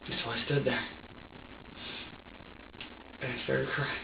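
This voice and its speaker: A man's voice: medium pitch, little pitch movement, creaky, background noise. Distressed, profane man in an echoey room. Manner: agitated, profane, halting with many repeats. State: distressed, near tears. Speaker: suspect being questioned. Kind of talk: emotional recounting under questioning. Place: police interview room. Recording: echoey, distant, dull room recording.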